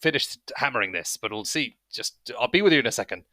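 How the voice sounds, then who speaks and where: A man's voice: medium pitch, expressive, fast talker, sharp tone, dry recording. A man voicing a wiry older blacksmith who grumbles that he must finish his work. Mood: grumbling. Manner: grumbling, distracted. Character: gruff old wiry male blacksmith.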